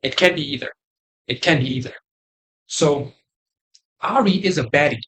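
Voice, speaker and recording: A young man hosting a crude comedic tier list, boastful and rambling, with sudden loud outbursts. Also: on the high side, animated, normal speed, husky. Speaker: host.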